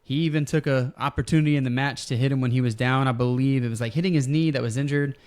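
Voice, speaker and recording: A man's voice: mid-range voice, fairly even intonation, fast, darkish tone. A man hosting a podcast, chatting casually about wrestling and telling a long story with fillers. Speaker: podcast host.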